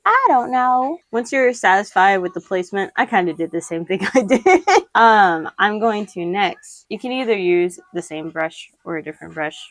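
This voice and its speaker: A woman's voice: medium pitch, moderate pace, no room sound. A young woman chatting casually through a makeup tutorial at home, rambling, giggling and swearing offhandedly while talking to the camera. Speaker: makeup vlogger.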